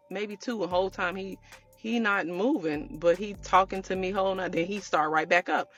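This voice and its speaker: A woman telling her viewers a personal story in a casual storytime way, animated and chatty, calling them y'all. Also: mid-range voice, normal speed, faint music behind. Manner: animated, addresses viewers as y'all, acts out quotes. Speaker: storytelling vlogger.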